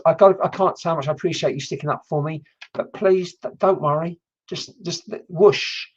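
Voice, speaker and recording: A man's voice: medium pitch, a little mellow. A man working as a spiritual medium, chatting casually and rambling on a livestream while answering viewers' comments. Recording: dull lo-fi stream audio.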